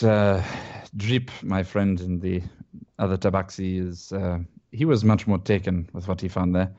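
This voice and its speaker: A man voicing an earnest male cat-folk prince who speaks in a halting, formal way. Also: low voice, warm tone, dull audio, close to an everyday voice.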